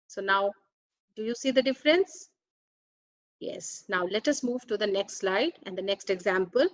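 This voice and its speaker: A medium-pitched woman's voice guides a slow grammar lesson, deliberately reading each word and its meaning one by one. There's no room sound, and the top end of the audio is cut off.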